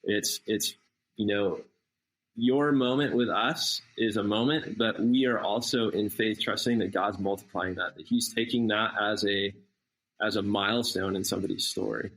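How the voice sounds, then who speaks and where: A man, a missionary guest on a podcast, telling a personal story in a casual, animated way and acting out the dialogue. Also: lowish voice, moderate pace, low-quality recording. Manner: animated, acts out quoted dialogue.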